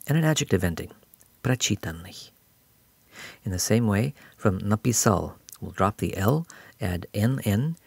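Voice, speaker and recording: A man's voice: on the low side, gravelly, husky, dry recording. A man giving a patient, explanatory recorded grammar lesson as a language teacher.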